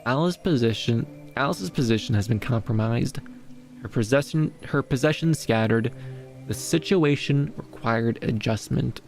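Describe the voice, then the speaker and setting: A man reading a fantasy story aloud in measured, even narration, sometimes restarting a word. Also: medium pitch, vocal fry, soft background music. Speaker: storyteller, streamer.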